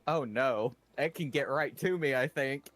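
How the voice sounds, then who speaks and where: A man's voice: medium pitch, a little slow, fairly bright tone, no room sound. A man playing in a tabletop game, chiming in with wry short remarks. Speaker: player. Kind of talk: casual tabletop game chat.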